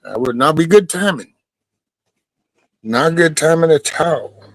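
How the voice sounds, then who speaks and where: A man's voice: a little high, animated, measured pace, no echo, rough recording. Laid-back man, dry close sound. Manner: laid-back, rambling, scolds his dog mid-sentence. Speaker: livestream host. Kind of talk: casual livestream chat. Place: at home near a backyard chicken coop.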